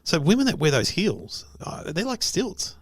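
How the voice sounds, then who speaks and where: A man's voice: high-pitched, huge pitch swings, normal speed, breathy edge, no room sound, studio quality. A middle-aged man, hosting a casual chat and trading playful, jokey banter. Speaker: comedian and host.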